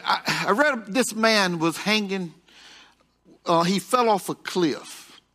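A man's voice: high voice, slow, bright, forceful tone. A male pastor preaching a sermon in a folksy, repetitive way, chuckling at his own jokes.

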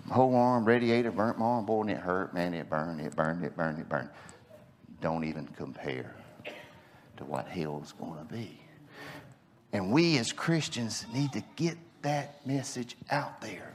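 A man preaching a sermon, impassioned, swinging between loud declarations and hushed low lines. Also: measured pace.

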